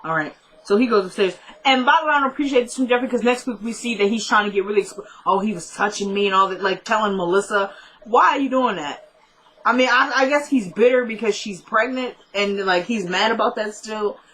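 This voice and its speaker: A woman's voice: a little high, fairly quick, fairly bright tone, poor audio. A woman casually recapping a TV episode in a chatty, opinionated way, talking back to the characters as she goes. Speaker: TV recap vlogger.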